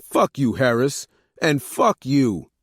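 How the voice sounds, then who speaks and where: A man reading an audiobook, voicing a hot-tempered grown son who curses and yells at his brothers. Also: mid-range voice, sing-song, slow pace, slightly rough, no echo, studio quality, pitched above the performer's own voice, exaggerated voice. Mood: angry. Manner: angry, cursing.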